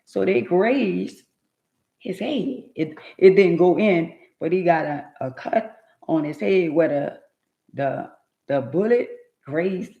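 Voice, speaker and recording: Slow gravelly woman telling her story. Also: on the low side, roomy sound, muffled recording. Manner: emphatic, rambling, talks straight to viewers. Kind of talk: casual storytelling to live viewers.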